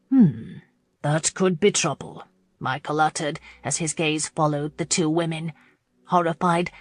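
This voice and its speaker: A woman reads a romance audiobook in a measured, expressive voice, pitched on the low side. The sound is close and dry, with no room around it. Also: dry recording. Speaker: audiobook narrator. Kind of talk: scripted romance narration.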